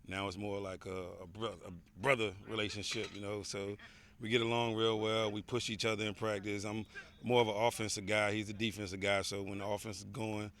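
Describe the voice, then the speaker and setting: A man, a high school head football coach, giving an earnest outdoor interview at practice, often saying "you know" and repeating words. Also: flat delivery, brisk, fairly bright tone. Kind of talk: on-field interview.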